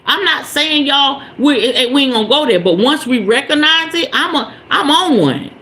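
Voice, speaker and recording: A woman's voice: sits high, expressive, normal speed, bright, forceful tone, rough recording. A woman hosting a spiritual podcast, giving an emphatic, preachy motivational talk straight to her listeners.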